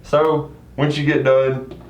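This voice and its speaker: A young man co-hosting, casually improvising a second-person story with relaxed fillers. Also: medium pitch, slow, highs cut off. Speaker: co-host and storyteller. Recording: echoey room with faint noise.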